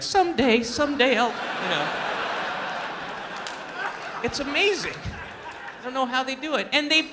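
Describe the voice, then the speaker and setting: A male stand-up comedian with a high, very bright voice. He rambles and interrupts himself, with lively rises and falls in pitch. A faint hiss sits under the voice. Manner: rambling, self-interrupting, animated.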